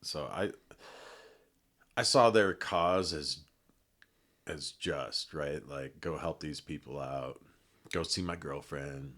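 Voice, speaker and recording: A middle-aged man from Colorado, a podcast guest telling a long story in a relaxed, rambling way with many fillers and restarts. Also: a bass voice, takes it slowly, pauses often. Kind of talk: casual storytelling.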